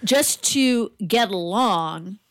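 A woman co-hosting a casual political chat podcast, talking in an animated, blunt way and swearing freely. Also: mid-range voice, drawn-out words, dry recording. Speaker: podcast co-host.

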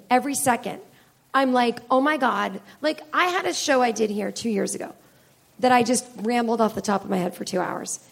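High, gravelly-voiced woman comedian. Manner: rambling, candid, swears freely; self-deprecating. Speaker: comedian podcast host. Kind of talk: live stand-up style chat with audience. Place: stage in a comedy club.

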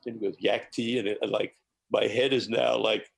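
Man with a deep husky voice, warm animated storyteller guest, dry close mic. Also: a little fast, no room sound, rough recording. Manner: animated storyteller, laughs often. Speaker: guest chef. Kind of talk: personal anecdote in interview.

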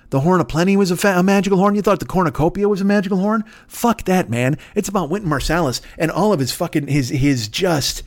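A man hosting a podcast, riffing through a rambling comedy bit with excitable, profane, absurd tangents. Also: fairly high pitch. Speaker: podcast host.

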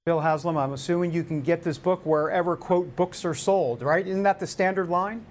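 A man's voice: on the high side, normal speed, a little hiss or hum. A man from New York hosting a radio talk show, chatting casually and joking around. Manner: jokey, animated, puts on voices.

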